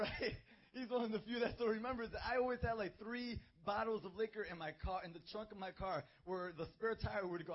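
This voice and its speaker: A young man preaching a youth sermon into a handheld mic, emphatic and building to shouts. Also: high-pitched. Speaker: youth pastor. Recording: dull lo-fi recording.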